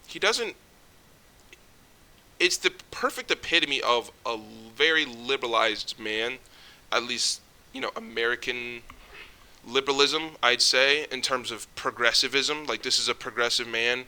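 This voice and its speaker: A young male vlogger rants casually to camera, jittery and tripping over his words as he rambles and restarts. He swears often, and his medium-pitched, sharp voice runs a little slow.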